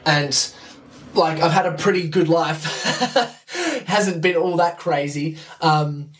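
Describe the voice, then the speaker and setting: An enthusiastic young man rambles through a casual podcast monologue, swearing freely and restarting his sentences. His voice sits a little high for a man and comes from slightly off the mic. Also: slow, fairly bright tone, far from the mic. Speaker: podcast host.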